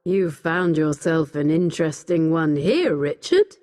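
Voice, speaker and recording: A woman voicing a smug, sinister old grandfather who talks in a lower, mocking tone. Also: lively intonation, measured pace, warm tone. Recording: long hall reverb.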